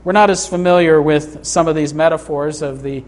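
A middle-aged man preaching a sermon in a church, earnest, slowing down to read scripture and lifting his voice for emphasis. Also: steady tone. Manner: earnest, rises in pitch for emphasis, reads scripture slowly. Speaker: pastor. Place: church sanctuary.

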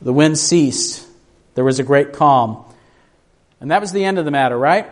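A man preaching with a slightly higher voice than most men. He keeps asking his listeners questions and voices the people in the story himself. He moves between hushed moments and raised, urgent ones. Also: moderate pace. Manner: asks the congregation questions, acts out quoted voices. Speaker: pastor. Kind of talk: sermon.

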